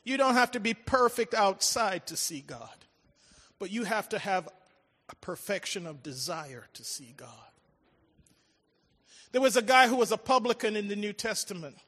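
A man preaching a sermon, swinging between loud calls and hushed, drawn-out lines. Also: sits high, expressive. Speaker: pastor. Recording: large reverberant hall with faint music.

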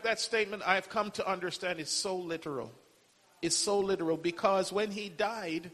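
A man's voice: high-pitched, fairly bright tone. A man preaching a sermon, emphatic, quoting scripture and punctuating with amen. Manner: emphatic, repeats phrases and says amen often; quotes scripture in old-style wording. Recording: long hall reverb.

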